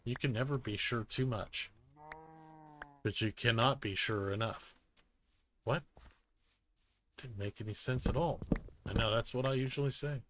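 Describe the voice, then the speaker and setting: A man's voice: medium pitch, a little slow, pauses often, background noise. A man giving rambling, jokey gameplay commentary, muttering self-deprecating asides to himself as he plays. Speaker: gaming YouTuber. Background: music.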